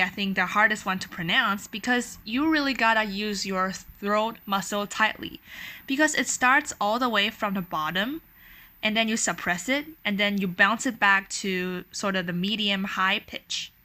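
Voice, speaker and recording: Brief: young woman from Taiwan, teacher, crisp bright tone, patient tutorial delivery. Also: mid-range voice. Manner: patient, demonstrating tones with sung-out syllables. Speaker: language teacher. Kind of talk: explanatory language lesson.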